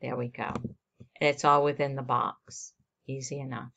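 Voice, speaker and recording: A woman teacher walking students through a software assignment step by step on a screen recording, narrating each click. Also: very deep voice, flat delivery, measured pace, creaky.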